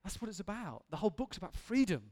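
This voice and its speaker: A man's voice: high voice, very animated, fast talker, darkish tone. A man preaching an earnest, candid sermon in a church hall, building to emphatic intensity.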